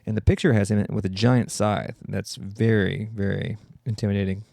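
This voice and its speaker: Dark, gravelly man joking on a podcast. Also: on the low side, steady tone, dry recording. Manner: irreverent, joking, quick asides. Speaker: podcast host. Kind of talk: comedic solo podcast.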